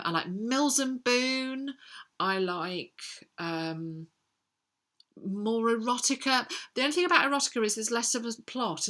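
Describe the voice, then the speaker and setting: A woman's voice: lowish voice, sharp tone. A middle-aged woman, chatting casually as a book vlogger answering viewer questions, with frequent ums as she thinks aloud. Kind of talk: casual chat.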